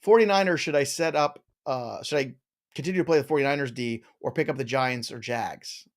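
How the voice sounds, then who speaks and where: A middle-aged man hosting a live fantasy football question show, reading viewer questions aloud in a quick, jokey way. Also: mid-range voice. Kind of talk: live Q&A chat.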